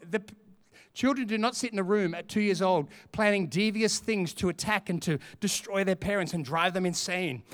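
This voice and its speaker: A man preaching a sermon, animated and humorous, acting out little scenes. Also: sits high, a little fast, clear, resonant tone. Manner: animated, humorous, acts out quotes. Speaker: pastor.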